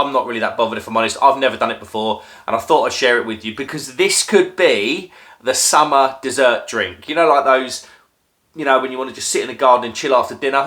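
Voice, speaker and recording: Recorded on a phone, a man from Norfolk, England, rambles as he makes a drink at home, crouched down. He's a craft beer video host whose casual chat is self-deprecating and packed with ums, delivered in a mid-range voice that sounds pushed and bright.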